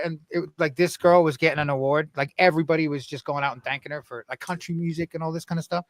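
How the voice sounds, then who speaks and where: A man's voice: fairly high pitch, steady tone, fast talker, hardly any pauses, no room sound. Man contestant, rambling, swearing, dry close sound. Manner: rambling storyteller, swears freely. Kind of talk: casual banter.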